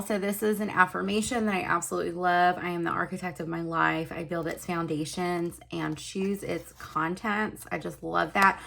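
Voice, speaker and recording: A woman's voice: mid-range voice, creaky, a bit bright. A woman in her thirties chatting casually through a show-and-tell of her planner, giggly and full of ums and likes. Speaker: planner vlogger.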